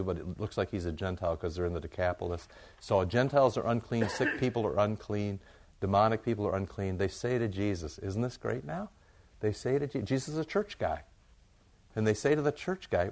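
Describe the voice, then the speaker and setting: A man's voice: sits low, a little mellow. A man pastor giving a conversational, emphatic sermon, with asides to his congregation.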